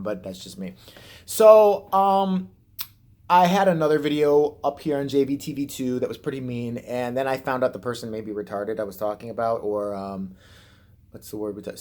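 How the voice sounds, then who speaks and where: A man from Chicago rants to the camera in a loose, rambling vlog style. He is sarcastic and swears freely, at an ordinary mid pitch. The delivery is off-the-cuff and conversational. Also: a little mellow. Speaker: vlogger. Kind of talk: casual vlog rant.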